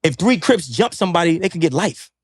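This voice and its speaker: A man's voice: on the high side, expressive, fairly quick, husky, no echo, studio quality. A man who is a podcast guest, lecturing in casual chat with emphatic, profane street slang. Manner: preachy, lecturing.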